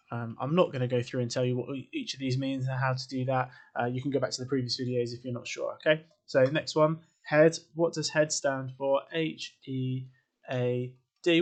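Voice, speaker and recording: Chatty male English teacher. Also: mid-range voice. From England. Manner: informal, chatty, quizzes the viewer with asides. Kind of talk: classroom lesson video.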